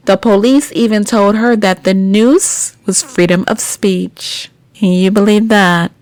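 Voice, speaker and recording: A woman's voice: mid-range voice, slow pace, dry recording. Blunt woman podcast host. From United States. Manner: indignant, blunt asides to listeners. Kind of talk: news commentary podcast.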